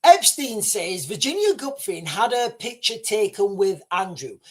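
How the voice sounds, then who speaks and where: An excitable man hosting a livestream, reading out breaking news as it comes in. His pitch leaps up and down, though his delivery stays unhurried. He swears a lot and trips over his own restarts. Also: slightly rough. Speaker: livestream host.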